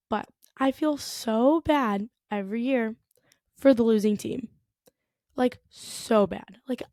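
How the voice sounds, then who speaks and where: A woman's voice: on the high side, darkish tone, no room sound, clean studio sound. A young American woman hosting her own podcast, talking casually and chattily, full of "like" and "you know". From United States. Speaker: podcast host. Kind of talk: casual solo podcast monologue.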